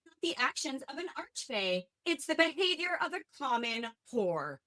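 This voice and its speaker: A woman's voice: high voice, very animated, normal speed, bright, forceful tone, heavily acted. A woman reading the lines of a possessive, jealous male fae king in a stern, commanding way.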